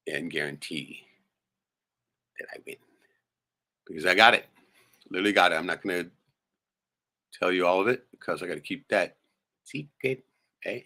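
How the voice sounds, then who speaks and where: A man hosts a livestream and vents in a profane, heated, rambling rant, constantly tossing in "right?". His voice sits low, sounding bright and forceful.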